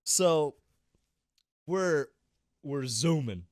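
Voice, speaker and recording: A man co-hosting a casual gaming podcast, telling stories in an animated way and swearing constantly. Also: fairly high pitch, very slow, no room sound, studio quality. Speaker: podcast co-host.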